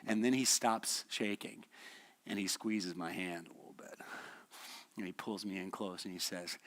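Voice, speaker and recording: A man's voice: on the low side, lively intonation, a little slow, pauses often. A man teaching a midweek church lesson in a conversational, storytelling way, asking the class questions and chuckling often. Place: church hall.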